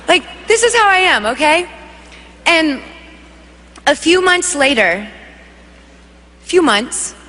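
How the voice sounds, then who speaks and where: High bright woman preaching a testimony. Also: slight background noise. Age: young adult. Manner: animated storytelling, acts out voices, laughs often. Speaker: worship leader giving testimony. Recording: long hall reverb.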